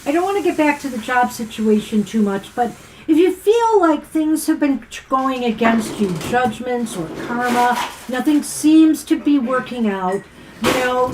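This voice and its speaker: A woman co-hosting a live tarot stream, chatting casually and giving rambling, gently encouraging card readings. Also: high-pitched, animated, unhurried, noisy background. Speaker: co-host and tarot reader.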